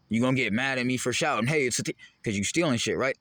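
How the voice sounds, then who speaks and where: A man's voice: medium pitch, racing, few pauses, a bit bright, no room sound. Heated rambling Bay man, dry sound. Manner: heated, rambling, profane, jumping between topics. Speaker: vlogger. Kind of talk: ranting monologue to camera.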